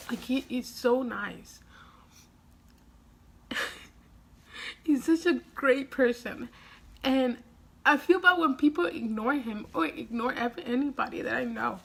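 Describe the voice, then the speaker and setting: Her voice is high and creaky, slow, with long pauses, as the young woman rambles through a casual vlog after crying. She sighs and lets out small laughs along the way.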